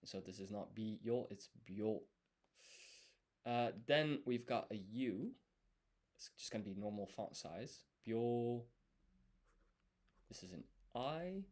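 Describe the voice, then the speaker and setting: Guy thinking out loud while studying, slow and careful, keeps correcting himself, average pitch. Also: expressive. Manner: deliberate, self-correcting, explains as he writes. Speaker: language learner streaming his study. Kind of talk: thinking-aloud study session.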